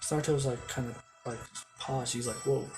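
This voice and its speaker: A man's voice: medium pitch, steady tone, a little fast, poor audio. A man casually telling a fan-made story, rambling with many restarts. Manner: rambling, full of fillers and restarts. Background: music.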